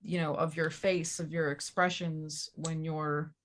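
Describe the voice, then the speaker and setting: Woman, lower voice, inquisitive co-host, giggly. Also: level tone, measured pace. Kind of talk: casual interview.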